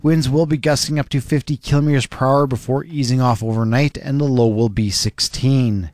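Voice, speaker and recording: A man reading a weather forecast and market numbers on the radio, brisk and matter-of-fact. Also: mid-range voice, fairly even intonation, a little mellow, no echo, clean studio sound.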